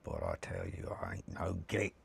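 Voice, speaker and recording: A man putting on a gruff Cockney orc. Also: very deep voice, wildly swooping pitch, moderate pace, slight background noise, voice pushed down, full character voice. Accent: put-on Cockney. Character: rough cackling male orc warrior. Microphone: close desk mic.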